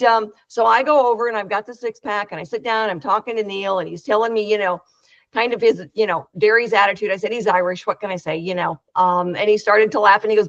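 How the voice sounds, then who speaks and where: A woman's voice: on the high side, a bit bright, dry recording, highs cut off. A woman who organizes an inventors' meetup, telling long rambling anecdotes and acting out the quoted dialogue over a video call. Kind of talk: casual storytelling on a video call.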